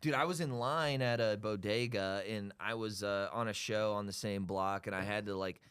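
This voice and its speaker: A man's voice: fairly low pitch, normal speed, a bit bright, smooth. A man chatting casually on a podcast in a laid-back way, with loose phrasing and many filler words. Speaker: podcast guest. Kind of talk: casual chat.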